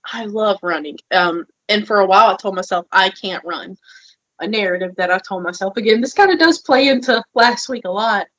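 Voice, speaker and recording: A woman co-hosting a podcast in casual chat, expressive and self-deprecating, laughing easily. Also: medium pitch, a little fast, few pauses. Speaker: podcast co-host. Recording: slightly dull, lo-fi sound.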